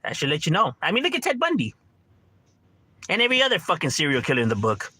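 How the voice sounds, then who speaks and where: A man's voice: a little high, wildly swooping pitch, fast, pushed and bright, breathy edge, dry recording. A man from Los Angeles hosting a livestream, chatting casually with strangers in a laid-back, slangy, profane way, dropping Spanish words and laughing often.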